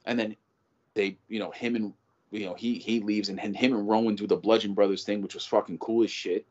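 Co-host type: a man with a lowish voice, excitable and profane, tripping over his own restarts, on a muffled low-fi recording. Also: a little fast. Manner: animated, profane, rambling with many restarts. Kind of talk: casual chat. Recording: dull lo-fi audio.

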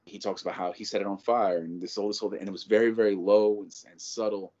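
A man talking in a casual chat as a show's co-host, animated and profane, rambling with lots of restarts. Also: on the low side, fast. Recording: dull lo-fi audio.

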